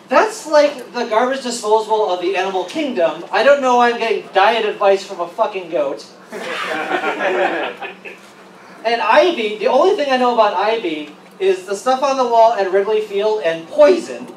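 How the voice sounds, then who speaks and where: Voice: mid-range voice, lively intonation, unhurried, long pauses. A stand-up comedian doing a set, rambling and profane, often breaking into laughter. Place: event hall at a convention. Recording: roomy, distant, with noisy ambience.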